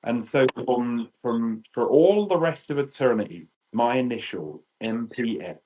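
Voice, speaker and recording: A British man in his fifties, a podcast guest telling lively anecdotes and acting out quotes. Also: medium pitch, unhurried, lo-fi sound, a little hiss or hum. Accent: British English. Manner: animated, acts out quotes. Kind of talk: storytelling chat.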